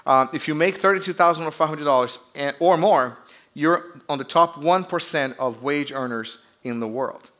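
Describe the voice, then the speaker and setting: A man's voice: a little high, moderate pace, a bit bright. A man from Brazil with a Brazilian accent, preaching a sermon as pastor in a chatty, joking storytelling way with call-outs to the audience.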